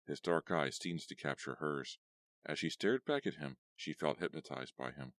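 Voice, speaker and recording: A man narrating a scripted horror audiobook in a steady, even read. His voice sits extremely low, and the recording is dry and close with no room sound. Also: normal speed, dry recording.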